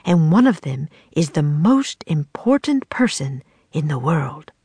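A woman's voice: low voice, big pitch swings, measured pace, dark tone, breathy edge, dry recording, heavily acted. A woman voicing a kindly, old-fashioned man playwright in a storybook reading, with courtly, archaic phrasing.

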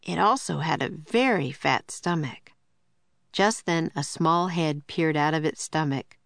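A woman reading a children's book aloud in a clear, steady storytelling voice. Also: deep voice, measured pace, no room sound. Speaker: narrator.

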